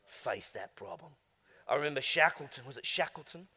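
A male pastor preaching emphatically, swinging between hushed asides and loud exclamations. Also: mid-range voice, lively intonation, fairly quick, husky. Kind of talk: sermon. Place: church. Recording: long church hall reverb.

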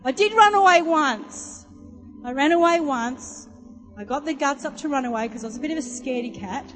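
Woman, high voice, chatty sermon, long hall reverb, music behind. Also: animated, a little fast. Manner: chatty storytelling, asks the audience questions. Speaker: preacher.

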